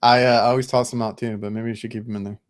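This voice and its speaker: A man co-hosting a podcast, an HVAC technician chatting in a relaxed, easygoing and slightly hesitant way. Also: mid-range voice, rapid-fire. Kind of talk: casual chat.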